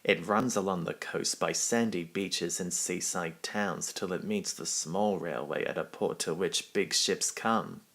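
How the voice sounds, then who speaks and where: A man's voice: deep voice, unhurried, few pauses, fairly bright tone. A man reading a children's railway storybook aloud, giving the characters their own voices.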